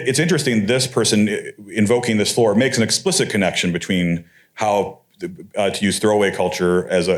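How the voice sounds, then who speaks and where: A man giving a conference lecture in a conversational way, with wry, sarcastic asides. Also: lowish voice. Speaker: conference speaker. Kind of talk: academic lecture.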